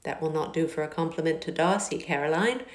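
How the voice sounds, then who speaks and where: A woman doing a jovial, laughing young gentleman. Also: low-pitched, brisk, natural voice. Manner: hearty and laughing. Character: cheerful easygoing young gentleman. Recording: echoey car interior.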